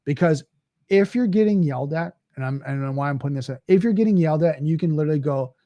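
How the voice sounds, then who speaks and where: Middle-aged male host, casual solo Q&A delivery, mellow slightly high voice, dry close mic. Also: fast, no room sound, highs cut off. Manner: conversational with frequent restarts and "right?". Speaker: cybersecurity host. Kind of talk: solo Q&A talk.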